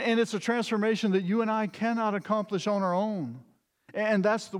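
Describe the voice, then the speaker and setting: Man preaching in an echoing hall. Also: high voice. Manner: emphatic, earnest preaching with repeated words. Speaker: pastor. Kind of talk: sermon. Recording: long reverb of a large hall.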